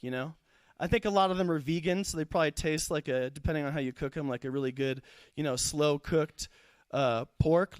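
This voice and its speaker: A man's voice: a little high, clear, resonant tone, dry recording. A young man performing a stand-up comedy set at a live show, rambling, profane and losing his thread.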